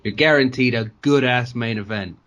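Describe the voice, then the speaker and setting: A man's voice: medium pitch, moderate pace, a bit bright, dull audio. A man co-hosting a podcast, chiming in with jokey, swearing banter. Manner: jokey interjections, swears, laughs along. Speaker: podcast co-host.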